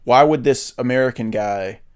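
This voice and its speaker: A man's voice: mid-range voice, moderate pace, clear, resonant tone. A man co-hosting a podcast, chatting casually and with strong opinions, swearing now and then and using lots of fillers. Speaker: podcast co-host. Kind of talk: casual film chat.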